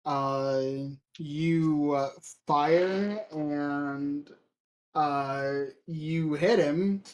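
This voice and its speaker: A man running a tabletop game as game master, pausing often with ums and uhs. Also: fairly high pitch, a little hiss or hum. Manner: halting, full of ums and uhs.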